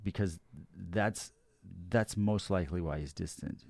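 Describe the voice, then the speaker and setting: A man with a deep, gravelly voice talks through scripture in a casual devotional chat. His delivery is earnest and a little preachy. The sound is dry and close. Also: a little slow, darkish tone, dry recording. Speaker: co-host of a lunchtime devotional show.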